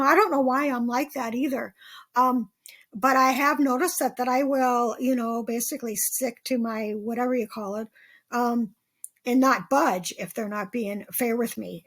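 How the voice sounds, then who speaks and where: A woman hosting a podcast, talking casually and rambling through her dream notes with many ums and restarts. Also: fairly high pitch. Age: not 27. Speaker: podcast host. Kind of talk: casual dream-journal monologue.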